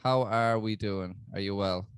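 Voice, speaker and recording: Irish male comic, deadpan stand-up delivery, close dry sound. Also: lowish voice, unhurried, clear, resonant tone, no room sound. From Ireland. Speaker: stand-up comedian. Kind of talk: stand-up set.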